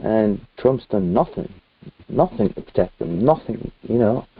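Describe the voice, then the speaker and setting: A man's voice: lowish voice, sing-song, unhurried, husky. A British man from the UK, a guest talking in a casual video-call chat, earnest and rambling with many fillers. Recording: tinny phone-like dry call audio.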